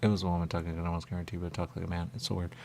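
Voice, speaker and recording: Low, gravelly man rambling on air. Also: level tone, very fast, a little mellow. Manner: meandering, repetitive, stream-of-consciousness. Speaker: radio host. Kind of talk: rambling monologue.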